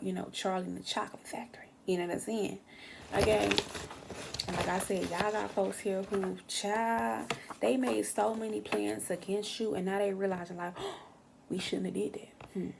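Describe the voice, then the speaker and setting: A woman's voice: mid-range voice, steady tone, moderate pace, gravelly, noisy background. A young woman giving a casual tarot reading, brash and slangy, swearing freely and acting out what other people say. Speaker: tarot reader.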